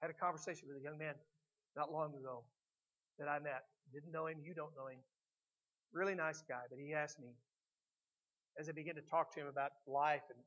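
A middle-aged man preaching a sermon as pastor, swinging between loud emphatic lines and quiet reflective ones. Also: on the high side, low-quality recording.

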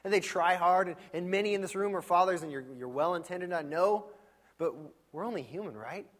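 A man preaching a sermon in a church, in a conversational and animated storytelling manner with frequent asides. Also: sits high, brisk. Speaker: pastor.

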